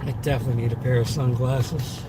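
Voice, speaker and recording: A man's voice: mid-range voice, steady tone, quick pace. A man with a Boston accent, a delivery driver chatting live with viewers from inside his car. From Massachusetts. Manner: chatty, talks to viewers in chat, upbeat and boastful. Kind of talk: casual live-stream chat while driving. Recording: noisy car interior. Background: car and road noise.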